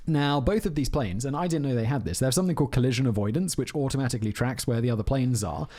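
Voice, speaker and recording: Male podcast host, casual rambling storyteller with a lively, swooping delivery and frequent laughs. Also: mid-range voice, very fast. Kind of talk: casual chat.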